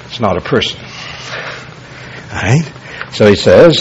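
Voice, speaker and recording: A man's voice: mid-range voice, expressive, a little slow, long pauses. A man preaching a verse-by-verse Bible sermon as a pastor, folksy and emphatic, often checking in with "you see" and "all right". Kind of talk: expository Bible-teaching sermon. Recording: dull lo-fi sermon tape, faint hiss.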